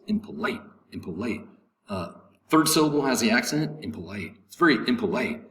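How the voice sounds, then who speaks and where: A male English teacher reading a vocabulary list, repeating each word slowly and giving its syllables, stress and meaning. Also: mid-range voice. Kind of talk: vocabulary lesson recording. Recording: echoey room, faint background noise.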